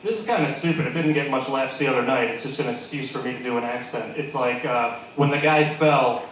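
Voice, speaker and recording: A man's voice: medium pitch, fairly quick, fairly bright tone, a little hiss or hum. A man performing a crude stand-up comedy set at a pub, rambling and laughing at his own jokes. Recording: echoey pub room.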